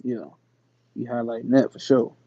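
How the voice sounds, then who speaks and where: A man hosting his channel, reading a spiritual text aloud slowly and emphatically and breaking off into slangy, casual asides. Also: medium pitch, little pitch movement, mellow, no echo, muffled recording. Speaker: channel host.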